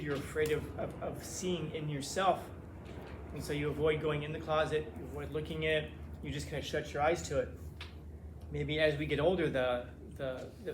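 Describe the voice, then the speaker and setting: A man with a somewhat high voice lectures a class in a relaxed, conversational way, often stumbling and repeating words as he finds his phrasing. He is recorded in an echoey classroom with a faint hum behind him. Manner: casual, repeats words when searching for phrasing. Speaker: teacher.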